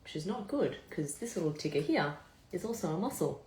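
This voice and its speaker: A woman's voice: on the low side, big pitch swings, brisk, a little mellow. A woman in her thirties chatting candidly to viewers in a live vlog, telling her story casually and swearing freely. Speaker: vlogger. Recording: echoey room.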